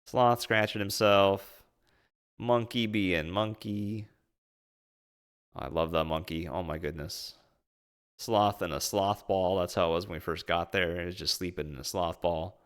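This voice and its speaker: A man's voice: sits low, steady tone, measured pace, fairly bright tone, clear, resonant tone. A man giving casual, playful commentary over his trip photos and clips, amused and chatty, drawing out silly asides. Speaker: vlogger recapping a trip. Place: indoors at home streaming.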